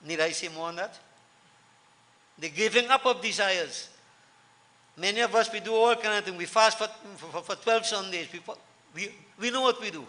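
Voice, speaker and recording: A man's voice: high voice, moderate pace, long pauses, bright, forceful tone. A man giving a sermon to devotees, earnest, repeating key lines for emphasis. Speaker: preacher. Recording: long hall reverb.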